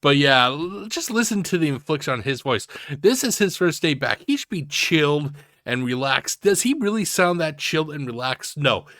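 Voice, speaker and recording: A man's voice: fairly high pitch, lively intonation, moderate pace, fairly bright tone, dry recording, clean studio sound. A man giving mocking reaction commentary, sarcastic and ranting, swearing heavily. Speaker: commentary host.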